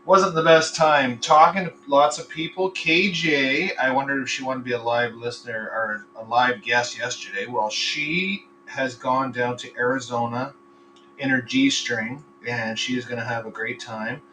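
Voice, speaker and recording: Man, podcast host, bright voice, rambling and crude, far from the computer mic, faint hum. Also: medium pitch, steady tone, unhurried. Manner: rambling, swears freely, tells crude jokes. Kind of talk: casual live podcast chat. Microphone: computer microphone.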